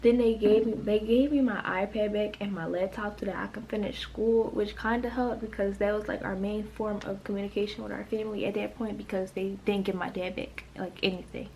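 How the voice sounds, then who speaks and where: A woman's voice: mid-range voice, steady tone, brisk, gravelly, hardly any pauses, darkish tone, a little hiss or hum, low-quality recording. A woman in her late teens from the United States, telling an emotional storytime in a rambling way, full of "like". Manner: emotional, rambling, heavy use of "like". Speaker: vlogger. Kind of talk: storytime vlog.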